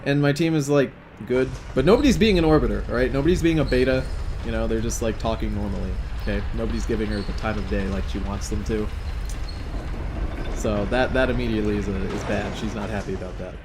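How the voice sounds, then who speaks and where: A man's voice: fairly low pitch, fast, background noise. A young man hosting a gameplay video, casually telling a long rambling story with plenty of swearing. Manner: profane, rambling, chatty. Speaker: let's play host.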